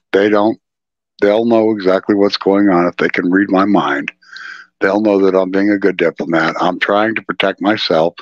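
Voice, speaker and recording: A man's voice: low-pitched, no echo. A man in a casual interview, speaking earnestly and emphatically over a dull, lo-fi remote line. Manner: earnest, emphatic, repeats "okay". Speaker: podcast guest, ufologist.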